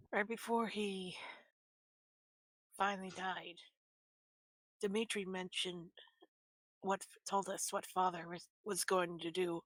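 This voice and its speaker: Unhurried woman playing a tabletop game. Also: mid-range voice, dry recording, poor audio. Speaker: player.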